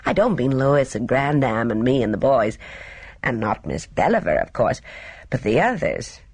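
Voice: mid-range voice, very animated, moderate pace, a little mellow, breathy edge, no room sound. A reader voicing a cheerful, careless young woman who chatters in airy, slangy upper-class talk. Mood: breezy.

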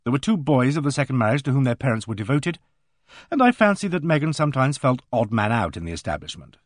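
Man narrating with lively intonation. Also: mid-range voice, dry recording, clean studio sound. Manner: measured storytelling with voiced dialogue. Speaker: audiobook narrator. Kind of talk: scripted narration.

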